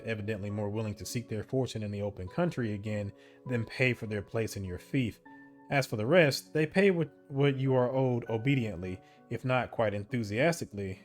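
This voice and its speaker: Guy narrating a text adventure, mid pitch, steady reading with chatty asides, faint guitar music behind. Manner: steady storybook reading broken by casual asides and laughs at slips. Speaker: game streamer. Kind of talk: reading an interactive story game aloud with commentary.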